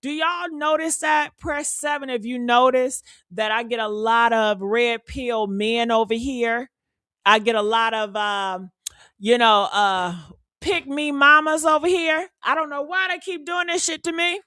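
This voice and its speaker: A woman with a high, sharp, piercing voice delivers heated reaction commentary to her viewers. She is brash and profane and keeps calling them honey between loud whoops. The sound is dry, with no room around it. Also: measured pace, clean tone, dry recording. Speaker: commentary channel host.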